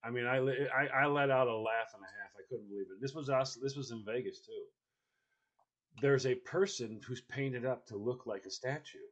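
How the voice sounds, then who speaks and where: A man chatting casually and telling a funny story, acting out the people in it with lively energy. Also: mid-range voice, normal speed, muffled recording. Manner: animated, acts out people in his stories.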